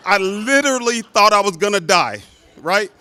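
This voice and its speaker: A man in his fifties, a hall of fame inductee, telling a lively story in a speech, full of asides. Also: sits high, normal speed, clear, resonant tone. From Chicago, United States.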